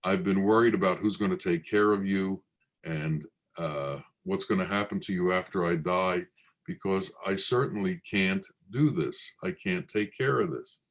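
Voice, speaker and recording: A man's voice: low voice, normal speed, close to an everyday voice. A man speaking as a worried father who serves a king, anxious and fretting. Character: worried father, a king's minister.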